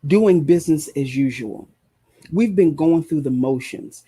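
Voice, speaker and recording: A preacher delivers an emphatic sermon, driving his points home through repetition. His voice is husky and mellow, sitting a little higher than most men's. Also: a little slow. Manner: impassioned, emphatic, repeats phrases. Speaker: preacher and show host.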